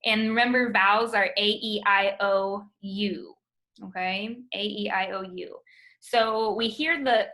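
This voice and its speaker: A woman teaching a phonics lesson over a video call, slowly sounding out words for her students. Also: medium pitch, fairly even intonation, pushed and bright. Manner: patient, drawn-out sounding of words.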